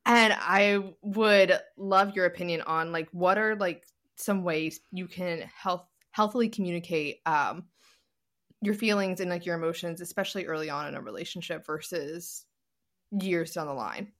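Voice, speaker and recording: A woman with a fairly low voice co-hosts a relaxed podcast. She asks questions earnestly, with plenty of fillers. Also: normal speed. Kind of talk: casual podcast chat.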